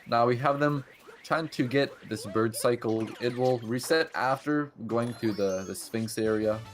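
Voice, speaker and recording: A man's voice: medium pitch, a little slow. A man commentating a video game speedrun race in a casual, chatty way, thinking aloud as he goes.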